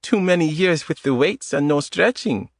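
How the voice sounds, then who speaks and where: A man's voice: a little high, expressive, normal speed, dry recording, clean studio sound, voice pushed up. A man voicing a teasing young woman in her thirties with a light Eastern European accent and blunt, clipped phrasing, in an audiobook. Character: woman in her early thirties, lithe yoga lover, teasing.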